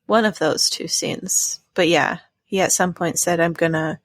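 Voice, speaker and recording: A woman co-hosting a podcast, chatting casually about a film, relaxed and laughing often, reading a synopsis aloud at times. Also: lowish voice, unhurried, dry recording, studio quality. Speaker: podcast co-host.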